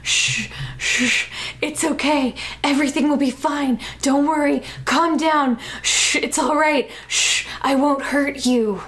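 Woman doing a young male kidnapper, sneering, drawn-out words, fan-fiction reading, high voice. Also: a bit bright. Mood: hushing. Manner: sneering, dragging and clipping words. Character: menacing teen pop-star kidnapper, young man.

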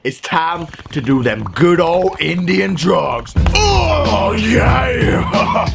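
A young man commentating his gameplay, excitable, often yelling, laughing and swearing. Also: a little high, slow pace, creaky. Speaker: gaming commentator. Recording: game music behind the voice. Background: game music.

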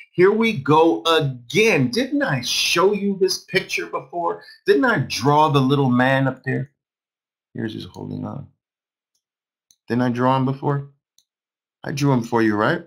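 A man's voice: medium pitch, animated, a little slow, gravelly, fairly bright tone, slightly rough. A man in his fifties teaching a live trading class, emphatic, repeating phrases and quizzing his audience. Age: 50s. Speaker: trading instructor.

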